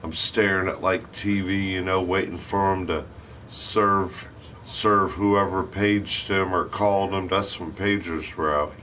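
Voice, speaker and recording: Middle-aged guy rambling through a story, cussing a lot, lowish bright voice. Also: fairly even intonation, unhurried, slight background noise. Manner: rambling, profane, digressive. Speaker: live stream host. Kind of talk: casual storytelling.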